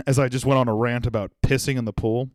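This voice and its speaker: A young man from Florida, a comedian hosting his own podcast, ranting in a loud, profane, animated way and acting out little voices. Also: medium pitch, fairly quick, no echo. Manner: animated, profane, yelling rant with acted-out voices. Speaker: comedian host.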